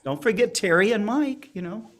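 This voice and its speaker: A man's voice: high-pitched, animated, moderate pace, crowd noise. A man hosting a live show in a casual, joking way, reading out viewer greetings. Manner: reads viewer comments aloud, jokes. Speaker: host. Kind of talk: casual livestream chat.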